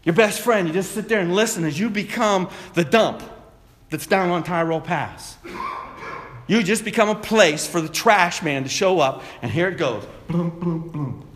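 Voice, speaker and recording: A middle-aged man preaches with a strikingly high voice. He swings from loud, pressing shouts to low, quiet asides to drive his points home. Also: lively intonation, moderate pace. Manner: preachy, builds to shouts then drops low. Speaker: pastor. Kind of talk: sermon.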